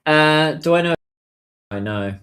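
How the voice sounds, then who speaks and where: A man with a fairly high, animated, fairly bright voice takes his time speaking. Waiting in a taxi queue, he chats casually on a livestream, musing aloud and responding to viewers' comments.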